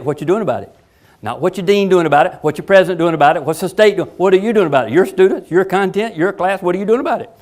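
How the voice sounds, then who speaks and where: A man delivering a motivational talk to educators at a rapid clip. His voice sits a bit high, and his delivery is emphatic and folksy as he plays out imagined conversations. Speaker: education speaker.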